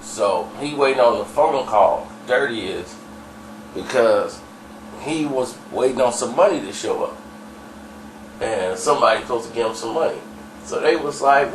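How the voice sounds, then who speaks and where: A man's voice: medium pitch, expressive, normal speed, noisy background. A man telling a story in a loose, slangy, rambling way. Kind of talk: casual storytelling. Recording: roomy, distant mic, faint ambience.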